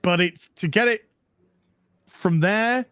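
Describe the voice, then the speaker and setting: A British man co-hosting a casual show, excitable and swearing often as he chats. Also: high voice, slow, clear, resonant tone, dry recording. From United Kingdom. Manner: animated, excitable, swears often, laughs a lot. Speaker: podcast co-host. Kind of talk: casual chat.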